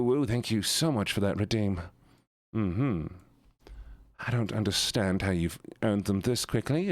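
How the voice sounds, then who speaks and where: A man's voice: on the low side, dry recording, clean studio sound. A man chatting playfully and animatedly with viewers on a live stream. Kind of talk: casual live-stream chat.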